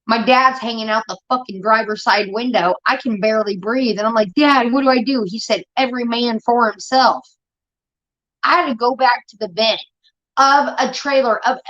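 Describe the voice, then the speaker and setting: A young woman telling rambling, profane stories in casual chat, getting animated as she retells them. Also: a little high. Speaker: show host. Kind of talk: casual storytelling rant. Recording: dull lo-fi stream audio.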